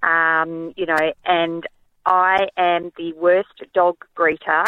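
A woman's voice: fairly low pitch, level tone, slow pace, no echo, phone-quality sound. A woman, calling into a radio show and chatting enthusiastically. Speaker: caller. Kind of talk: casual chat.

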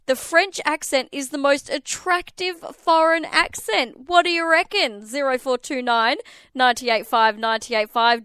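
A woman's voice: high voice, fairly bright tone, smooth, dry recording, clean studio sound. An Australian woman hosting a radio show, chatting playfully with lots of filler words. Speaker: radio host. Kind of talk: casual radio chat.

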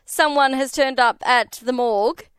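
High-voiced radio host lady, chatty and curious, dry close sound. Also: normal speed, a bit bright, smooth, no room sound. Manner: curious, laughs easily, presents quirky news. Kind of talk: casual chat.

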